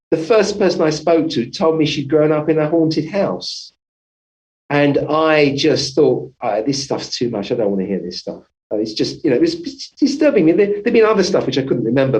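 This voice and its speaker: A man who works as a family physician speaks as an interview guest. His voice sits a touch higher than most men's. He rambles through a long personal story, restarting sentences and correcting himself as he goes. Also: darkish tone, dull audio.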